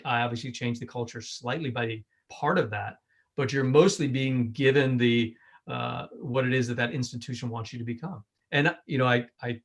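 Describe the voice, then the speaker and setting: Conversational man giving a keynote. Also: medium pitch. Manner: conversational, frequent 'right?' tags and restarts. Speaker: keynote speaker. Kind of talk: keynote talk on a video call. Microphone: video call.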